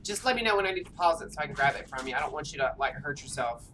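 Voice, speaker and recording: A woman's voice: sits low, expressive, racing, background noise. A woman streaming a game from home, chatting casually and rambling with lots of fillers. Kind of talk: casual chat while gaming.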